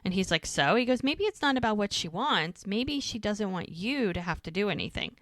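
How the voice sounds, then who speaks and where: A woman's voice: medium pitch, expressive, fairly quick, a bit bright, dry recording. A woman co-hosting a podcast, retelling scenes in a casual chat and acting out the characters' lines. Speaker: podcast co-host recapping episodes.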